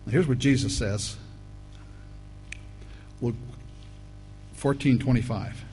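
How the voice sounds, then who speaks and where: A man preaching a sermon, reading scripture aloud and breaking off to address the listeners as folks, rising now and then to loud emphatic bursts. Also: mid-range voice, slow pace, soft background music, rough recording.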